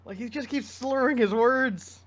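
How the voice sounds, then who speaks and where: A man's voice: very high-pitched, moderate pace, a bit bright. A man co-hosting a casual sports podcast, rambling and opinionated with frequent restarts. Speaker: podcast co-host.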